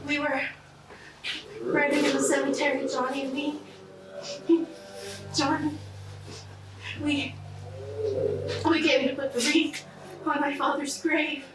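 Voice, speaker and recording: A woman playing Barbara, shrill and shell-shocked. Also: flat delivery, over loud music. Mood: dazed. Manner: halting, breathless retelling that breaks into sobbing screams. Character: terrified, dazed young woman in shock. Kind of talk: stage acting. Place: stage in a large echoey hall. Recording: distant, echoey, noisy stage recording.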